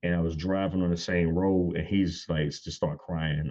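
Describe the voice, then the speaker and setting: A man in his thirties tells stories about his son in a casual, animated way, laughing often. His speaking voice sits very low, but he leaps up high to act out what people said. The recording sounds a little dull and lo-fi. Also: a little fast, hardly any pauses. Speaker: guest on church panel. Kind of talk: casual storytelling.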